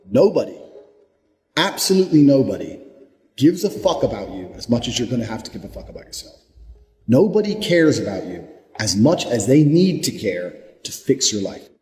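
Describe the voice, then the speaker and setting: A man's voice: medium pitch, darkish tone. A young adult man giving a blunt, profane motivational monologue, speaking with hard conviction. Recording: echoey room with long reverb.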